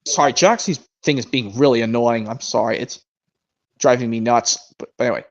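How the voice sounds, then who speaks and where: A young man streaming a casual chat, rambling and restarting his sentences as he compares versions of a show. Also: medium pitch. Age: young adult. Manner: rambling, restarts sentences, reads narration aloud slowly. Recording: muffled lo-fi stream audio.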